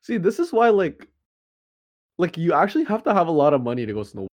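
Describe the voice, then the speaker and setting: A man's voice: a little high, sing-song, brisk, no room sound, clean studio sound. A young man co-hosting a podcast in casual chat, reacting with incredulous questions. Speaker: podcast co-host.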